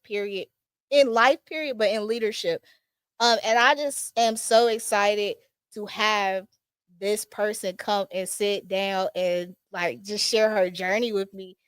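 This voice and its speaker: A woman hosting a podcast in casual, chatty talk, excitable and full of fillers. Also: mid-range voice, clean tone, dry recording. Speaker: podcast host. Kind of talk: casual chat. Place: small studio set.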